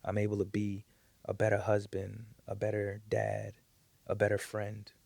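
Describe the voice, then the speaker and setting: Podcast guest, male, low gravelly voice, flat delivery, earnest and reflective. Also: moderate pace, dry recording. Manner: earnest and reflective, repeats words as he gathers thoughts. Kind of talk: casual heartfelt conversation.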